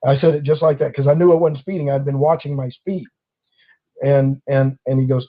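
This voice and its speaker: In casual conversation, a man with a somewhat high, expressive voice tells stories at a slightly fast pace, acting out the people he quotes. The recording is dull, lo-fi audio.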